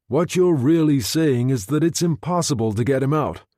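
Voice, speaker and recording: A man reading a novel aloud, voicing an agitated wartime general who speaks in a slow, grave way. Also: mid-range voice, expressive, dark tone, no echo, clean studio sound, voice pushed up, close to an everyday voice. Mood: urgent.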